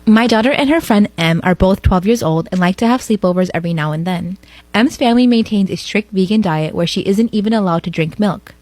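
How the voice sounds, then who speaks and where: A woman's voice: mid-range voice, a little fast, a little mellow, no room sound. A woman reading online posts aloud in a casual way, tossing in sarcastic asides.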